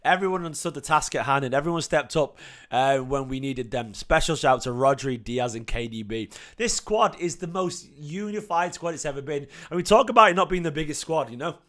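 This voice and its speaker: A young man with a slight cough, hosting a casual fan livestream and reading out chat messages in an excitable, emotional, chatty way. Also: on the high side, brisk. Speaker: fan channel host reading live chat.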